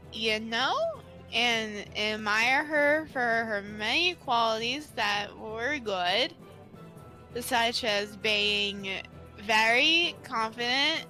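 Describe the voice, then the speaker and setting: A shy, awkward young male troll, voiced by a woman who drags out every word in slow, hesitant bits. His tone stays bright and a little high despite the sadness. He never sounds sure of himself. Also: rough recording. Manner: slow, halting, hesitant delivery. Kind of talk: voicing a character in a game playthrough.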